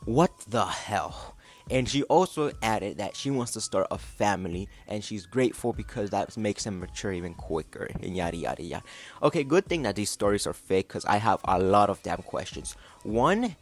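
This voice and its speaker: A man's voice: lowish voice, lively intonation, normal speed. A man hosting a reaction video, making mocking, exasperated comments in a casual way.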